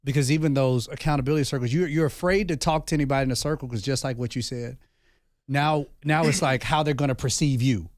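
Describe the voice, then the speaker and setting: 30s guy host, earnest confessional vibe, keeps saying bro, mid pitch, dry mic. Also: fast talker, no room sound. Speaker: podcast host and former pastor. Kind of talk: candid conversation.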